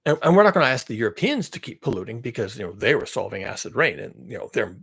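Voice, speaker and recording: A man delivering a profane, sarcastic rant monologue, mocking as he swings between shouting and muttering. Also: medium pitch, expressive, fast talker, gravelly, breathy edge. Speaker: commentary channel host.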